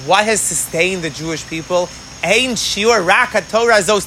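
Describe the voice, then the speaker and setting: Male Talmud teacher, outdoors, bright, high voice, animated delivery with Hebrew phrases, faint traffic behind. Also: normal speed, poor audio. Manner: animated, asks rhetorical questions, mixes Hebrew and Aramaic phrases. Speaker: Torah teacher. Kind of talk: Talmud class. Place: outdoor class in the rain.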